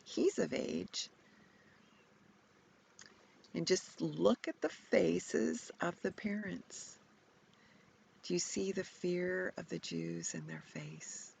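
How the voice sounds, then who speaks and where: A woman leads a guided imaginative contemplation, speaking slowly and posing reflective questions. Her voice has a gravelly, creaky texture and a lively, varied pitch, and it sometimes drops to a near whisper. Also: slight background noise. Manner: slow, reflective, prompting questions, at times whispered. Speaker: retreat leader guiding contemplation.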